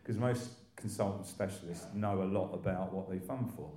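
An older man from England giving a personal testimony, rambling along with restarts and self-deprecating asides. His voice is low and mellow, and the room around him echoes noticeably. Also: moderate pace. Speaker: speaker sharing his recovery story.

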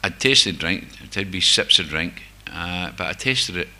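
He's an older man from the Glasgow area whose deep, bright voice comes across as animated and forceful, though his pace runs a little slow. Addressing a group, he gives an honest testimony about his recovery, mocking himself with wry humor along the way.

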